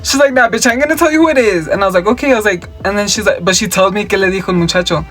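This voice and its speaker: A man's voice: high voice, very fast, a bit bright, soft background music. A young man, chatting casually through a makeup tutorial and story time, sassy and profane, mixing Spanish slang into his English. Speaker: makeup vlogger. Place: at home.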